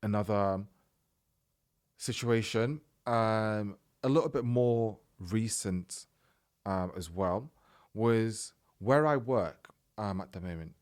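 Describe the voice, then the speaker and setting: A man hosting a podcast, telling a personal story in a casual, animated way and acting out the dialogue. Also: lowish voice, takes it slowly, clear, resonant tone. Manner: animated, retells events by acting out quoted dialogue. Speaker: podcast host.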